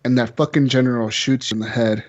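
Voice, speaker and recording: A man hosting a casual gaming podcast, loose and profane. He laughs between lines and tells game stories with animated energy. The recording is a little dull and lo-fi. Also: medium pitch, fast talker. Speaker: podcast host. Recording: slightly dull lo-fi audio.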